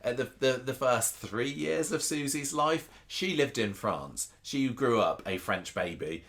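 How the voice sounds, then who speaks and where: A man's voice: medium pitch, animated, a little slow, a bit bright. A man co-hosting a casual podcast chat, rambling with frequent restarts and chuckles. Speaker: podcast co-host. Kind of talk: casual chat about a soap opera.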